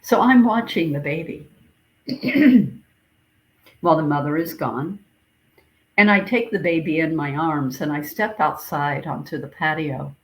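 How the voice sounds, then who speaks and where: Slow, gentle woman minister. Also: low-pitched, poor audio. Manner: slow, gentle, reflective storytelling with repeated phrases. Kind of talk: sermon recounting a dream.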